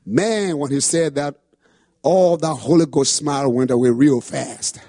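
Male pastor, husky tenor, fervent sermon delivery, dry close sound. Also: on the high side, unhurried, no echo. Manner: impassioned preaching, rising to shouts. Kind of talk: sermon testimony.

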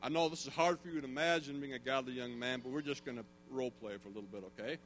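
A middle-aged man preaching a sermon, telling stories in an animated way and building to emphatic preaching. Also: mid-range voice, rapid-fire, a little hiss or hum. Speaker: pastor.

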